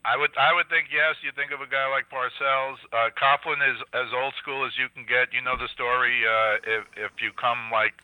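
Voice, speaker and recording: A man's voice: mid-range voice, steady tone, normal speed, few pauses, sharp tone, no room sound, rough recording. An older man from New York, a sports broadcaster, talking casually as a guest on a radio show. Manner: conversational, uses fillers.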